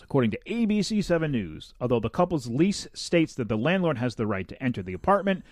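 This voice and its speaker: In studio-quality sound with no echo, a man co-hosts a casual podcast, reading odd news stories and joking about them. His medium-pitched voice is animated, and he laughs often and tosses in jokey asides.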